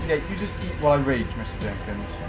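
A man's voice: medium pitch, sing-song, quick pace. A man giving live gameplay commentary, ranting and swearing in exasperation at a friend and the game. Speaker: gaming streamer. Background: game music and sounds.

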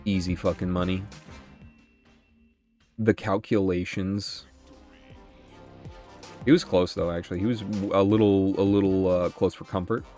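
A young man giving excitable gameplay commentary, thinking aloud about his moves and swearing often. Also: low-pitched, a little slow, long pauses, soft background music. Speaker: gaming channel host.

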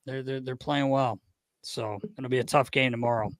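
A man co-hosting a podcast in casual chat, teasing and lively, often repeating words as he talks. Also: medium pitch, moderate pace, no echo. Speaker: podcast co-host.

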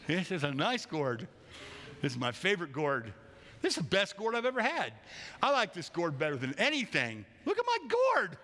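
A man's voice: high voice, wildly swooping pitch, moderate pace, sharp tone, exaggerated voice. A man voicing a petulant prophet who dotes on his plant, in a childishly boastful, mock-sincere way, recorded with long hall reverb. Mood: smug, doting.

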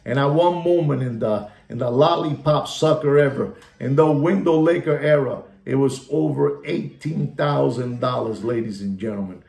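A man's voice: mid-range voice, normal speed, vocal fry, hardly any pauses, darkish tone. A man giving a ranting watch market update, theatrical and mocking, repeating catchphrases and slipping into Spanish asides. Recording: echoey room with faint guitar music.

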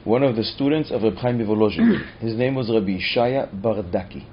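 A man's voice: mid-range voice, brisk, slight background noise. A man teaching as a rabbi, telling a story dramatically with repeated phrases. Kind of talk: storytelling lesson. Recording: dull muffled recording.

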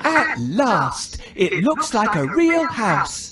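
A woman's voice: medium pitch, sing-song, very slow, over a noisy crowd. A woman voicing a friendly, helpful hare in a children's storybook app.

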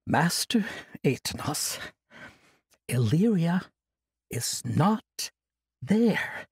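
A man voicing a calm, steady young male warrior who speaks slowly and calmly. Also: high-pitched, gravelly, breathy edge, no room sound, clean studio sound, voice pushed up, heavily acted. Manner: slow and calm.

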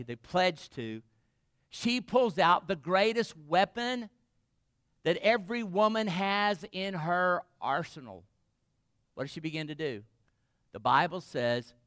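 A man's voice: fairly high pitch, bright, forceful tone, no room sound, studio quality. A man pastor preaching a sermon, retelling a story dramatically and asking the congregation questions.

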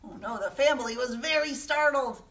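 A woman, a children's librarian, reading a picture book aloud gently and asking the listening children questions. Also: high voice, moderate pace, noisy background. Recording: echoey room, voice from a distance.

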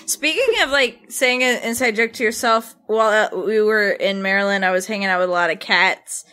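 A woman co-hosting a podcast, telling an animated story in casual chat and laughing often. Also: medium pitch, brisk. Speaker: podcast co-host.

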